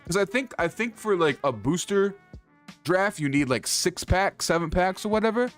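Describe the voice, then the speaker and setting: A man on a livestream, fired up and cursing through a rant, his voice lifting a little higher than most men's. His pitch swings widely as he gets heated, repeating himself mid-sentence. Faint music plays underneath. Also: moderate pace. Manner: swears constantly, animated, repeats himself when heated. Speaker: streamer ranting about card prices. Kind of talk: profane heated rant to stream chat. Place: indoor streaming setup.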